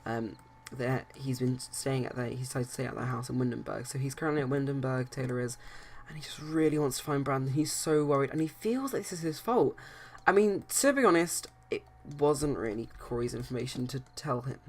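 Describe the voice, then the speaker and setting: A man's voice: medium pitch, a little fast, hardly any pauses, darkish tone, slight background noise. A man casually narrating his life-sim game let's play, rambling with many hesitations and restarts. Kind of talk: casual game commentary and storytelling.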